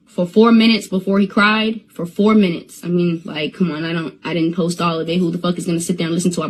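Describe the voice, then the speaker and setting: A woman's voice: lowish voice, rough recording. A young woman on a phone live stream, talking in an agitated rant that stammers and repeats itself.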